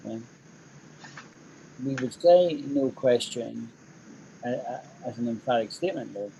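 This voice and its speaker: A man's voice: medium pitch, animated, moderate pace, warm tone, a little hiss or hum, poor audio. A man teaching an online English class, chatty and emphatic, repeating phrases for stress.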